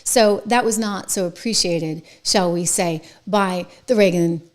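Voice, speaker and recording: A woman hosting an opinion commentary show, talking emphatically and excitably in a chatty way. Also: on the low side, unhurried. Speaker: show host.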